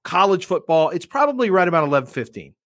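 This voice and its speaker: A man hosting a podcast, telling a story in an animated, profane, self-mocking way. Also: high voice, fast talker, no echo. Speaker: podcast and radio host. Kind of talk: casual chat, storytelling.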